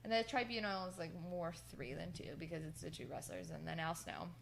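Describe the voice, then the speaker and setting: A woman's voice: lowish voice, animated, a little fast, vocal fry. A woman co-hosting a podcast, casually recapping wrestling in a rambling way with lots of fillers and laughter. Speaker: podcast co-host.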